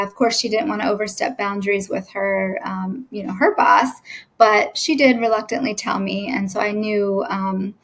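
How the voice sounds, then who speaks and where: A woman in her thirties, a nurse and cancer patient, recounts her diagnosis in a halting, earnest way with many fillers and restarts, emotional at times. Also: mid-range voice, gravelly, poor audio. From United States. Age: 30s. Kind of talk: personal story told to camera.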